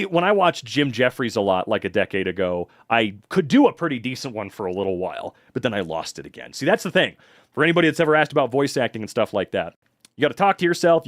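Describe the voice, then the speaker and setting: An American man in a casual live stream, reading viewers' messages aloud and answering them in animated, swearing chat. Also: mid-range voice, no room sound, studio quality. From United States. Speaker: streamer and hobby voice actor.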